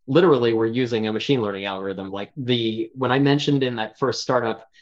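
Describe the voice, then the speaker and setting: Male founder guest, measured and explanatory, mid pitch, slightly muffled remote audio. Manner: thoughtful, explanatory, frequent fillers. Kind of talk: casual interview chat.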